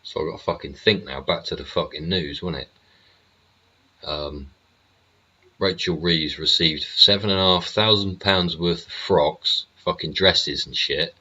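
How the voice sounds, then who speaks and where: Angry male host, deep but bright and forceful voice, rants and swears, dull lo-fi home recording. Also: steady tone, measured pace. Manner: angry, swears constantly, rhetorical tag questions. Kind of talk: ranting political monologue.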